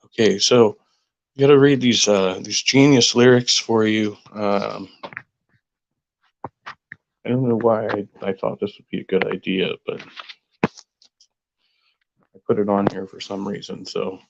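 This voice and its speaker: A man's voice: fairly low pitch, steady tone, a little slow, vocal fry, pauses often. A man hosting a casual livestream, greeting viewers and musing aloud in a rambling way full of fillers. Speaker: host.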